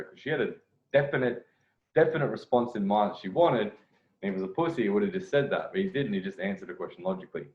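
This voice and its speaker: A man giving a dating coach's commentary on a video clip, pausing it to explain and often laughing. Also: fairly low pitch. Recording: roomy, dull sound.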